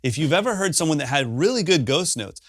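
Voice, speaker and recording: A man's voice: on the high side, sing-song, fast talker, a bit bright, no echo, clean studio sound. A man teaching a drum lesson from his kit, counting beats aloud and scatting drum sounds in an upbeat, self-mocking way.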